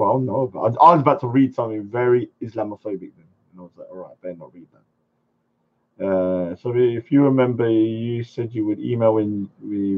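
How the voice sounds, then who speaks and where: A man hosting a live stream, chatting casually and rambling, sometimes shouting at viewers. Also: fairly low pitch. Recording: dull lo-fi stream audio.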